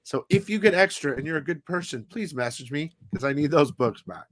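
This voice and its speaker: Slightly high-voiced man, rambling and profane. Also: animated, fairly quick, dry recording. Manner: rambling, profane, loose storytelling. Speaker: comic haul show host. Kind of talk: casual live-stream chat.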